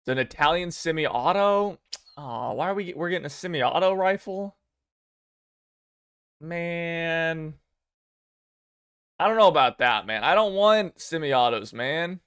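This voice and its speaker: Rambling, excitable young man. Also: fairly high pitch, unhurried, pauses often, clear, resonant tone. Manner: rambling, excitable, many fillers and restarts. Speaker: gaming video creator. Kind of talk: casual commentary on game news.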